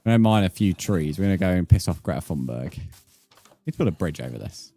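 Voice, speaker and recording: A man's voice: deep voice, lively intonation, fast talker, warm tone. A young British man live-streaming a game, chatting to viewers with blunt, sweary, mock-outraged banter. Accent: British English. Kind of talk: live-stream gameplay chat.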